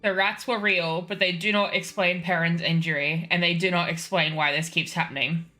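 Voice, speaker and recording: A woman's voice: on the low side, steady tone, moderate pace, sharp tone, faint music behind. A woman running a tabletop game on stream as game master, chatty and giggly, switching between casual asides and narration.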